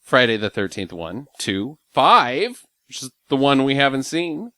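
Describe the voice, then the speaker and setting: A man's voice: medium pitch, very animated, measured pace, bright, forceful tone, no room sound, studio quality. A man hosting a casual movie podcast, upbeat as he runs the segments and a quiz game. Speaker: podcast host and quiz master.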